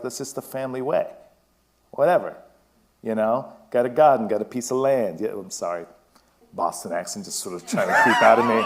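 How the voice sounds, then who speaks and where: A man's voice: mid-range voice, darkish tone. A man with a British and West Indian accent giving a discursive public talk, restarting phrases and laughing often. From Britain. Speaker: guest speaker. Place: event stage before an audience.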